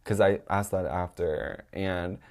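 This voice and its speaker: A man's voice: low-pitched, slow pace. Young man ranting animatedly on his podcast. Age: young adult. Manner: animated, rambling, heavy use of "like" and swearing; acts out quoted people in a raised voice. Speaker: podcast host. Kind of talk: casual storytelling monologue.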